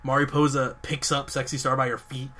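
Young male podcast host, crisp bright tone, mid pitch, enthusiastic run-on storyteller. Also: level tone, fairly quick. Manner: enthusiastic, rambling storytelling with many fillers and restarts. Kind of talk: casual chat.

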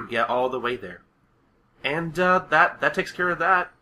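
Guy cohosting a podcast, super bright sharp voice, rambles and swears, laughs a lot. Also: fairly high pitch, expressive, measured pace, slight background noise. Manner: loose, rambling, swears casually, laughs often. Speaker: podcast co-host. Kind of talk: casual chat recapping a cartoon episode.

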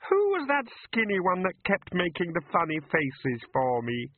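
A man's voice: high-pitched, wildly swooping pitch, moderate pace, noisy background, voice pushed up. A man voicing a timid, weepy female fairy who stammers and hesitates. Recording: narrow phone-like sound.

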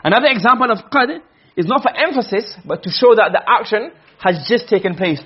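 A male teacher gives a grammar lesson, firing quick questions at his students. His voice sits high and comes out husky, and he talks at a brisk clip. The recording sounds muffled and lo-fi. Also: expressive. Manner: quizzing students with frequent questions. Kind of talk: classroom lesson on Arabic grammar.

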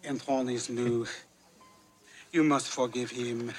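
A fawning French chef who makes a fuss over his favorite guest, as a man acts him out, speaking slowly and drawing out each phrase. His French accent sits over faint music, heard a little far off. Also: mid-range voice, level tone, close to an everyday voice. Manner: gushing, fussy.

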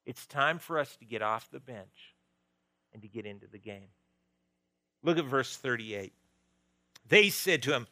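A male pastor preaching a sermon, moving between loud emphasis and quiet, intimate stretches. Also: mid-range voice, animated, a little slow, pauses often, no echo, poor audio.

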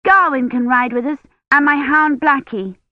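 A woman voicing an eager, stubborn little girl in a storybook reading, her voice raised high and bright. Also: fairly even intonation, moderate pace, no room sound, lightly acted. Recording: dull dry lo-fi recording.

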